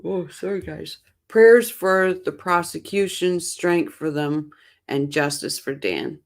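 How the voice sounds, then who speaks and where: A low-voiced, chatty woman speaks at a slow pace as she hosts a true crime channel's casual live stream, reacting to chat comments. She's short on sleep, opinionated, and rambles with restarts.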